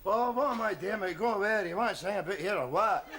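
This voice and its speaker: An actor plays a cheerful Scottish student with a broad dialect, easygoing and cheeky. His voice sits fairly high. It comes through a loud hiss from an old sitcom recording. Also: fairly quick, close to an everyday voice. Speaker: Scottish student in an English class.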